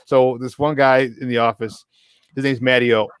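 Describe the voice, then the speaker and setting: A man co-hosting a sports talk show, telling a long story in a casual, animated way and jumping into the voices of the people he quotes. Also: medium pitch, moderate pace, clean tone, no room sound. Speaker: co-host. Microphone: remote mic, virtual studio.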